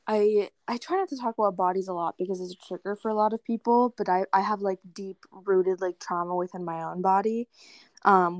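A woman's voice: lowish voice, darkish tone, no echo, clean studio sound. A young woman guest on a casual podcast, speaking candidly and earnestly with many fillers.

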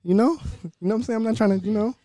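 Podcast cohost dude, kinda high voice, slangy joking around, dry mic. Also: male voice, very fast, mellow, no room sound. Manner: playful slang-heavy banter. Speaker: podcast co-host. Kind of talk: casual chat.

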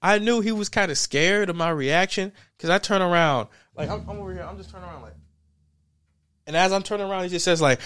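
A young man hosting a podcast, telling a story in an animated, laughing way and acting out the people in it. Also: high-pitched, fast talker, no room sound, studio quality. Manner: animated, laughing often, acts out quoted people. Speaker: podcast host. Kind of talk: casual storytelling chat.

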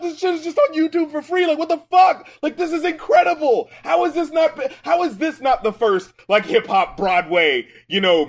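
A man who is a music critic and rapper, co-hosting a podcast in casual, profane chat and swinging from low mumbling to excited shouting.

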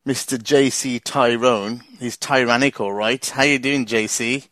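A man's voice: mid-range voice, fairly even intonation, a little slow, a bit bright, dry recording. A man with a Liverpool accent hosting a casual fan chat, enthusiastic and repeating himself. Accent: Liverpool English. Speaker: host.

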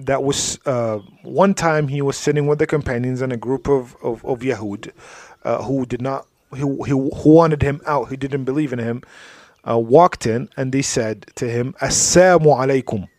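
Man giving a soft-spoken religious talk. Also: medium pitch, normal speed, no echo. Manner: storytelling, drops to soft asides, frequent "you know". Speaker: Islamic speaker.

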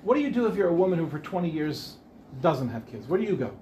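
A man's voice: on the high side, sing-song, fast, dark tone, slight background noise. A man, a rabbi, giving an informal Torah class, chatty and rambling, often breaking off to ask the audience questions. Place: Ramat Beit Shemesh.

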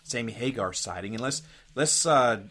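A man's voice: medium pitch, moderate pace, a bit bright. A man co-hosting a radio podcast in casual chat, rambling a bit and reading quotes aloud from his notes. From United States. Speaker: podcast co-host.

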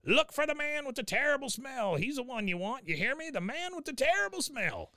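A man doing a high, strained cartoon grandpa. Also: big pitch swings, brisk, sharp tone, no echo, clean studio sound, exaggerated voice. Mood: urgent. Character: cranky old male cartoon grandfather.

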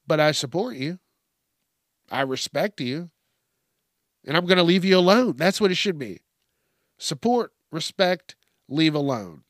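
A man's voice: mid-range voice, fairly bright tone, no echo, studio quality. A young man hosting a podcast, ranting casually in a blunt, heavily profane way. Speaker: podcast host. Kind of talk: casual solo rant.

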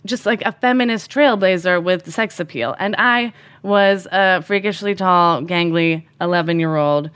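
A woman's voice: lowish voice, moderate pace, few pauses, clean tone. Chatty woman telling a personal story. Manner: animated, self-deprecating, conversational.

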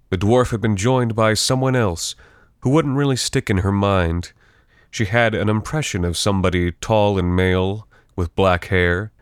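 A narrator reads scripted fiction in a steady, even storytelling voice pitched very low. The recording is dry and close, with no room sound.

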